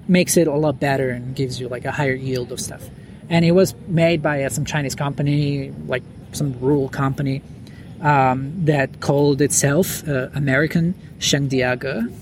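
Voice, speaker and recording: Man, podcast guest, rambling casual talk, outdoors on a lawn at night, faint background noise. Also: medium pitch. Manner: rambling, many fillers and restarts. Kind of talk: casual interview chat.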